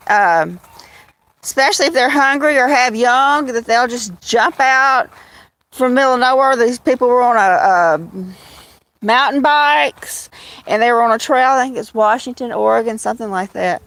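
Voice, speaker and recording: A woman with a slightly high, fairly bright voice hosts a casual livestream on her phone, rambling to her kittens and viewers as she walks outdoors to a field. There's no room sound.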